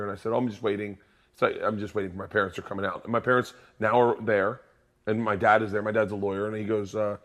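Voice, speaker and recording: A man co-hosting a podcast, telling animated stories and laughing along in casual chat. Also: on the low side, brisk. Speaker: podcast co-host.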